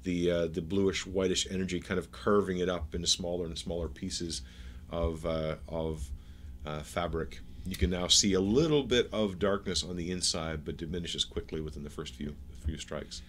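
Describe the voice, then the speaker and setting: Guy running a tabletop game, deep voice, lots of uh's while he describes stuff. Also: a bit bright, slight background noise. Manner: halting, descriptive narration with many fillers. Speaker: game master.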